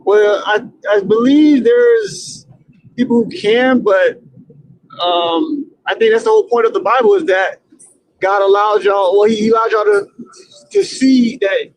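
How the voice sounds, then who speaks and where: A man calling into a debate stream, earnest and hesitant with many pauses. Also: sits high, dry recording, rough recording. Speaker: caller. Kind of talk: call-in debate.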